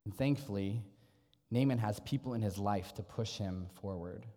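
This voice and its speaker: In a warm, lowish voice at a normal speed, this pastor delivers a sermon in an earnest, conversational manner. He asks his audience rhetorical questions, and a long reverb tail trails each phrase.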